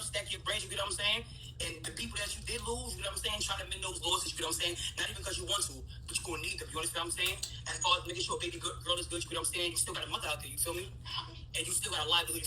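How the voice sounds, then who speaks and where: A man from New York City with a New York accent, giving advice on a live stream in fast street talk full of fillers. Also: high voice, fairly even intonation, pushed and bright, a little hiss or hum. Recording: distant mic with faint music.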